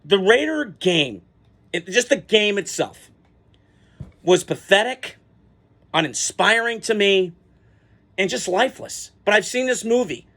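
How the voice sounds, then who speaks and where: A man ranting casually about his football team, excitable and rambling, with fillers and swearing. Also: high-pitched, a little slow, pauses often. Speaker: sports vlogger. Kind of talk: casual fan reaction rant.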